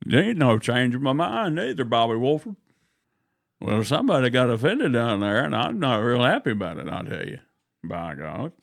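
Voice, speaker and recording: A man putting on the voice of a blustering backwoods man who threatens someone over money, with a loud, drawling, threatening manner. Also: medium pitch, very animated, normal speed, creaky, dry recording, clean studio sound.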